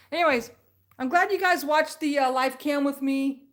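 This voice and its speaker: Middle-aged woman streamer, fairly high voice, loose rambling storyteller who laughs a lot. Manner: rambling, animated, laughs often. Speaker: live stream host. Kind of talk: casual storytelling chat.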